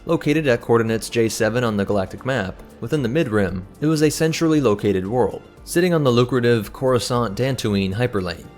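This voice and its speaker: A man hosting a lore channel, giving brisk, informative scripted narration. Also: mid-range voice, darkish tone, soft background music.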